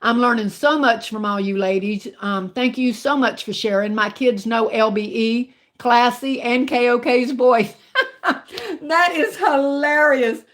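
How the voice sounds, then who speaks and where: Southern woman livestreamer with a country twang, higher-pitched, talks to viewers like family. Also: fairly even intonation, a little slow, hardly any pauses. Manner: chatty, warm with viewers, calls them baby and honey. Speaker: livestream host. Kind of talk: casual live chat reading viewer comments.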